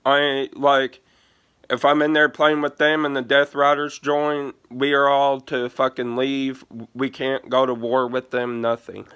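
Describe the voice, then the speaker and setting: Slow, smooth-voiced man rambling casually. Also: mid-range voice, a bit bright. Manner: rambling, profane, heavy use of "like". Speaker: gaming vlogger. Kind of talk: casual storytelling vlog.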